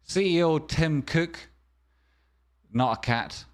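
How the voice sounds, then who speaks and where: A man's voice: fairly high pitch, slow pace. A man hosting a stock stream, giving a comedic market news rundown with wry, jokey asides. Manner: wry, jokey asides, sudden softer murmurs.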